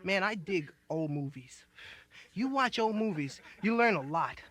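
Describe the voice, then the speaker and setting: High-voiced, rambling young stand-up comic. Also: male voice, expressive, unhurried, a bit bright. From United States. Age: 20s. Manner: loose, rambling hipster slang, laughing as he talks. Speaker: stand-up comedian. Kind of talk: live stand-up comedy.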